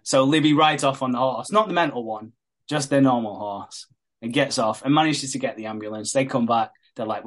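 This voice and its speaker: A man's voice: mid-range voice, normal speed. A man in casual chat, retelling a soap plot with lots of swearing and acted-out quotes. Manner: sweary storyteller acting out quotes. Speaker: podcast co-host.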